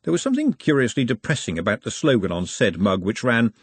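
A man narrating an audiobook in a wry, expressive way. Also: medium pitch, quick pace, breathy edge, no echo. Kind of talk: scripted narration.

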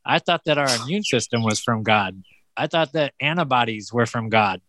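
A man's voice: medium pitch, lively intonation, normal speed, a bit bright, dry recording. Joking man host, dry close sound. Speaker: podcast host. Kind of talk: casual chat.

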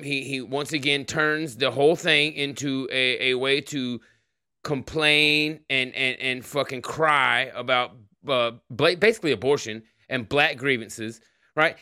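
Smooth-voiced, profane male podcast host. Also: fairly high pitch, sharp tone, no echo, studio quality. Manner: profane, rambling, greets chatters by name. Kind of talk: casual livestream chat.

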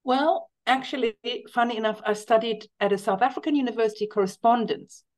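A woman's voice: fairly high pitch, fairly quick, darkish tone. A middle-aged woman, a guest in a casual interview, telling stories enthusiastically and with emphasis. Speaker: guest, cookbook author.

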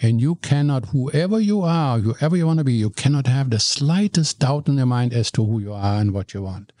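An older man, a guest telling stories in an animated way, often stumbling and repeating words. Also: on the high side, no room sound. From Germany. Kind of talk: storytelling in conversation.

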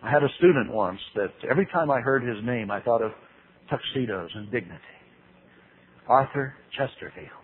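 A man teaching the Bible in a humorous sermon, telling stories with big leaps in pitch and acting out quotes in voices. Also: lively intonation, normal speed. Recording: tinny radio broadcast with faint hiss.

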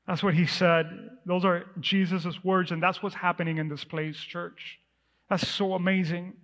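A man's voice: sits high, level tone, unhurried. A male pastor telling a story in a sermon, with a chatty, storytelling delivery full of asides. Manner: conversational, storytelling with asides and laughs. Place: church sanctuary. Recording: muffled sound with long hall reverb.

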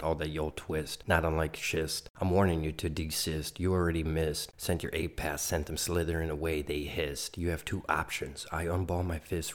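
A man with a very deep voice delivering spoken-word rap. His lines come in dense, chained rhymes, blunt and profane, aimed squarely at his listeners. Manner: dense rhyming, confrontational, profane.

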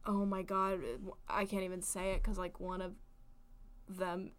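A woman's voice: mid-range voice, monotone, unhurried, a bit bright. A young woman co-hosting a podcast, chatting casually in a playful, joking way. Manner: playful, joking, laughs a lot. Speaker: podcast co-host. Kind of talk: casual chat.

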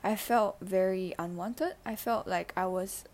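Teen girl, podcast host. Mid-range voice, halting and emotional confessional delivery with lots of fillers. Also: mid-range voice, a little mellow. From Singapore. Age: teens. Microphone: handheld mic.

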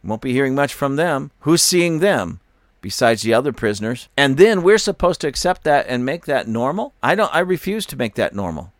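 A man's voice: mid-range voice, big pitch swings, brisk, no room sound, studio quality. An older man hosting a religious opinion commentary show, speaking in a fervent, preachy way with repeated emphatic phrases. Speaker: host.

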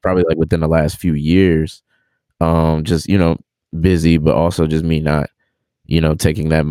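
A young man with a very deep, mellow voice speaks in a dry, close-up recording. He talks in a laid-back, slangy manner and trips over his words now and then as he chats with his co-host. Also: little pitch movement, moderate pace, smooth, no echo. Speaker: podcast co-host. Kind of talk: casual chat.

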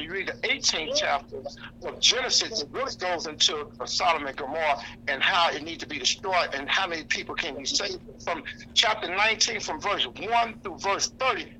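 A man's voice: a little high, animated, normal speed, sharp tone, a little hiss or hum, poor audio. A man giving an impassioned, blunt speech to a lunch audience, preaching, quoting scripture and repeating himself for emphasis. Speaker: activist speaker. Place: indoor lunch gathering.

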